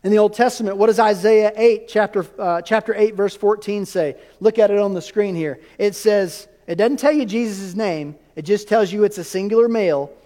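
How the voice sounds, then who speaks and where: A man's voice: high-pitched, moderate pace, hardly any pauses, mellow. A man preaching a sermon as pastor, teaching and quizzing the congregation with questions in a church sanctuary. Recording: long reverb of a church hall.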